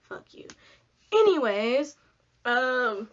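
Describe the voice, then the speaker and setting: Young woman vlogger, slightly high-pitched, chatty and rambling, lots of filler, lo-fi home audio. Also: sing-song, very slow. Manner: rambling, chatty, heavy filler words, swears casually. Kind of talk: casual storytime vlog. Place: home, sitting down.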